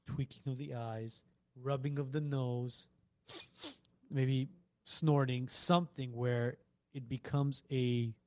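Male co-host, mid pitch, chatty storyteller, dry close mic. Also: fairly even intonation, slow, a little mellow, dry recording. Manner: storytelling, acts out quotes, laughs easily. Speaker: podcast co-host. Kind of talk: casual chat.

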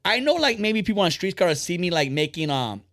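A podcast host talking in a quick, rambling flow, blunt and freely profane. His voice sits a bit high for a man. The sound is dry and close, with no room echo. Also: big pitch swings, fairly bright tone. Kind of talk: casual podcast chat.

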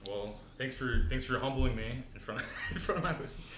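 Male podcast host, young adult, playful self-mocking chat, medium pitch, echoey room, clear background hiss. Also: a little fast. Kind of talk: casual chat.

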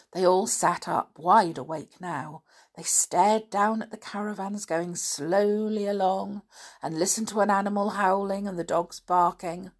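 A woman narrating a children's storybook in a calm, unhurried reading. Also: mid-range voice.

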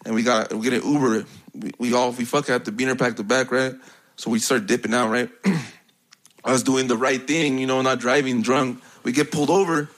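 A man's voice: medium pitch, steady tone, normal speed. Profane, rambling young man telling stories. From United States. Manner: profane, rambling, slangy, laughs often. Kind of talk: casual chat.

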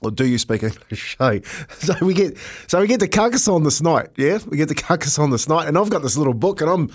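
A middle-aged man with a New Zealand accent, co-hosting a podcast and telling animated anecdotes in casual chat, laughing often. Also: a little high, brisk, slightly rough. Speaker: podcast co-host, former rugby league player.

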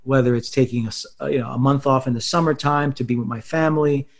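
Male pastor-author, measured, reflective interview guest. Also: mid-range voice, fairly even intonation. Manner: measured, thoughtful, with fillers.

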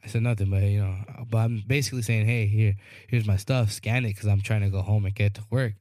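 Rambling low-voiced man telling a story. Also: fairly even intonation, fast talker, a little mellow, dry recording, clean studio sound. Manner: rambling, repeats "you know what I mean", acts out quoted people. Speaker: podcast co-host. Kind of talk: casual storytelling chat.

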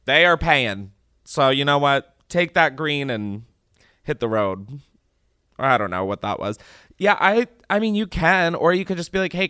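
A man's voice: mid-range voice, sharp tone, clear, resonant tone, no room sound. Young man, podcast host, blunt, self-mocking, swearing, dry close recording. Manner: blunt, self-mocking, swears freely, jumps into exaggerated mock voices. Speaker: podcast host answering call-in questions. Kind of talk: casual comedic advice chat.

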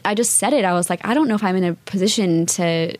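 A woman's voice: medium pitch, quick pace, a little mellow, no echo. A young woman in casual chat, telling a story with animation and acting out the voices she quotes. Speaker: musician guest.

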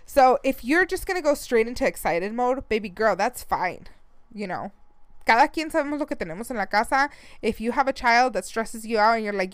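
A woman's voice: on the high side, lively intonation, fairly quick, smooth, no room sound. A woman in her thirties hosting a podcast, chatting casually and animatedly and laughing often. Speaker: podcast host. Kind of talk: casual chat.

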